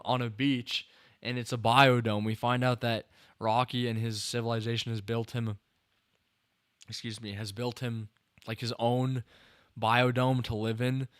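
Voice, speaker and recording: Rambling young man, smooth dry voice. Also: medium pitch, fairly bright tone, no room sound. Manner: rambling, self-correcting, many fillers and restarts. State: tired, yawning. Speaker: podcast host. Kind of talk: casual film review chat.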